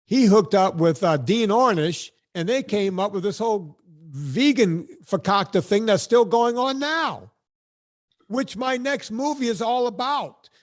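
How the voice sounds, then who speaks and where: A man's voice: high voice, animated, measured pace. A man hosting a podcast, ranting bluntly and sarcastically in casual chat. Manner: blunt, sarcastic, emphatic rants. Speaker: podcast host.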